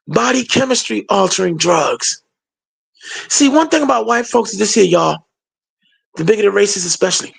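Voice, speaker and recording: Gravelly, sarcastic commentator. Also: medium pitch. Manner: emphatic, colloquial, sarcastic. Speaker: political commentator. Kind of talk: opinion monologue.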